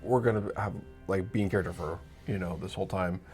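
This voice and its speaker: A man's voice: deep voice, steady tone, quick pace, a little mellow, faint music behind. A man who co-hosts a podcast and runs tabletop games, talking casually and often adding "you know". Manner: conversational, leans on "you know". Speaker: podcast co-host and dungeon master. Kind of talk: casual chat.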